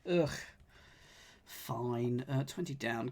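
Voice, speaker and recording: A man's voice: on the high side, lively intonation, slow pace, a little mellow. A man with a slight lisp, thinking aloud while he works through a crossword, muttering and sighing as he puzzles. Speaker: puzzle streamer.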